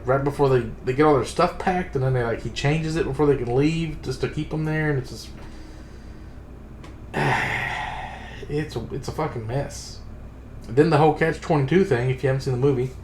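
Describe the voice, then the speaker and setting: A man in a casual book club chat, retelling scenes in a rambling, profane, exasperated way. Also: medium pitch. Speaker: streamer reviewing a book. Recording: roomy sound with faint ambient noise.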